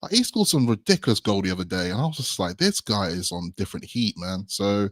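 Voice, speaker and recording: A man's voice: fairly low pitch, expressive, a little fast, a bit bright, no room sound. A young man co-hosting a casual football podcast, speaking with hesitant, stammering restarts. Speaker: podcast co-host.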